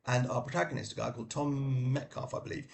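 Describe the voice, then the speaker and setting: A man's voice: mid-range voice, fast, vocal fry, a little hiss or hum. A middle-aged man giving a casual spoken book review, hesitant and full of fillers and restarts.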